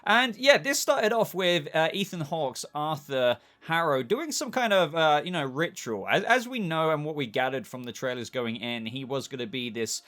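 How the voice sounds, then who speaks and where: A man's voice: a little high, lively intonation, moderate pace, hardly any pauses, fairly bright tone. A man with a British accent hosting a chatty, upbeat video review of a TV episode. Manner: chatty, upbeat, keeps saying "if you will". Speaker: TV show reviewer, channel host. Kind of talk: casual spoken video review.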